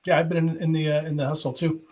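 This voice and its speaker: A man with a fairly high voice hosts a live online hypnosis show over a video call. He thinks aloud, chats casually, and reads out questions from viewers. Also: monotone, fast, darkish tone. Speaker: host hypnotist. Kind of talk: casual live-stream chat.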